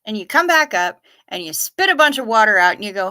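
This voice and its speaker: Bright-voiced, profane livestream host woman. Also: medium pitch, lively intonation, brisk. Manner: profane, sarcastic, chatty. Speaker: livestream host answering chat. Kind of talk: casual chat.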